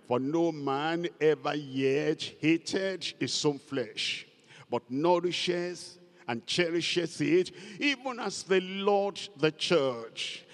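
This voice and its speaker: Slow-preaching man in an echoing hall. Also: fairly high pitch. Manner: emphatic, repeating key words. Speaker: pastor. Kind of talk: sermon. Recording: long hall reverb.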